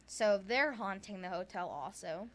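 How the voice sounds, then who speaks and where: A woman's voice: medium pitch, animated, measured pace. A woman with a Southern US accent, co-hosting a podcast and casually retelling ghost stories, full of filler words and laughter. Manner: chatty, many "like" fillers, laughs often. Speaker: podcast co-host.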